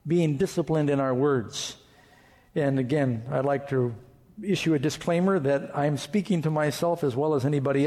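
A man's voice: a little high, warm tone. A man pastor preaching an emphatic sermon and reading scripture aloud. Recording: reverberant hall.

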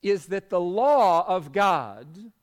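Slow, animated male preacher. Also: sits high. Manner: conversational, dramatic storytelling, emphatic. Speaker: pastor. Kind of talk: sermon.

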